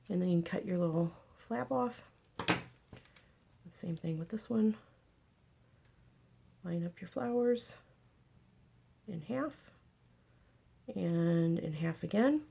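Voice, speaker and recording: A woman's voice: fairly low pitch, expressive, takes it slowly, creaky, pauses often, dark tone, breathy edge. A woman hosting a casual paper craft tutorial, chatty and joking with her viewers as she works. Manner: chatty, jokey, talks to viewers while working.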